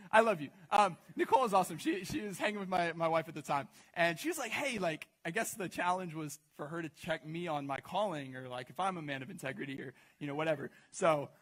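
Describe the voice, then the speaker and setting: This storytelling sermon comes from a young man preaching casually and playfully, often breaking off for asides and questions to the congregation. He speaks with a fairly high, somewhat bright voice.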